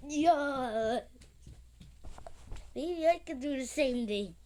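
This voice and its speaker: A woman commenting as she plays a mobile game, excitable, with sing-song chatter and yelps. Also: sits high, extremely slow, pauses often, a little hiss or hum. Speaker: gamer.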